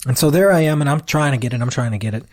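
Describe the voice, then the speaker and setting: A man's voice: mid-range voice, rapid-fire, dry recording, studio quality. A man in his thirties, a guest musician, telling a long story in an interview and acting out what people said to him. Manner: animated retelling that acts out quoted dialogue.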